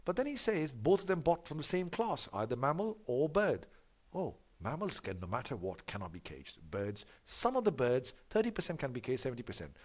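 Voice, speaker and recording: A man tutoring through practice questions, his pitch rising and falling a lot as he stresses key words. He stops to correct himself and repeats the same punchy answers. His voice sits at an ordinary middle pitch. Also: brisk, husky. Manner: animated, emphatic, repeats catchphrases like "big fat no". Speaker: exam tutor.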